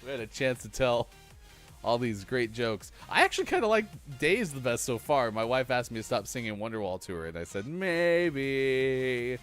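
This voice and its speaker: A man's voice: mid-range voice, big pitch swings, fairly quick, fairly bright tone, faint music behind. A man hosting a casual morning show, chatty and laughing at his own jokes. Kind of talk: casual live-stream chat.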